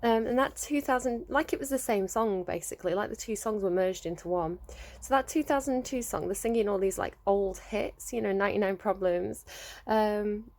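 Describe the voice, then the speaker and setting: A woman in her thirties gives a casual tarot reading in a chatty, rambling way. She talks at an easy middling pitch and laughs often between her thoughts. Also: normal speed, a little mellow. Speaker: tarot reader.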